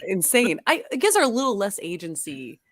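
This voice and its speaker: A woman co-hosting a casual film podcast, expressive and often hesitant, gasping and laughing. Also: medium pitch, brisk, no echo, clean studio sound. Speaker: podcast co-host.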